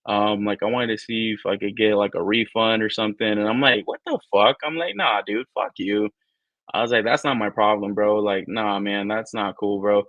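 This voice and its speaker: A podcast co-host on a toy-collecting live stream rambles and swears casually, acting out quotes with animation. He speaks a little fast with few pauses in a lowish voice, on phone-quality audio with no room sound.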